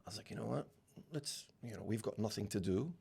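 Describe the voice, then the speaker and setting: A man in his forties with a gravelly, husky voice, raised in the UAE, tells a long anecdote on a podcast. He voices the people in it as he goes and repeats words often when he restarts a sentence. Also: lowish voice, quick pace. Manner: animated anecdotes, acting out dialogue, many restarts. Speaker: real estate founder, guest. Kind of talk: storytelling interview.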